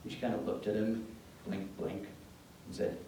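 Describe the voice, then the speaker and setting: A man giving an educational talk to parents, telling anecdotes in an animated, joking way. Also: fairly low pitch, moderate pace. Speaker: presenter speaking to parents. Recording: echoey room from far off, faint background noise.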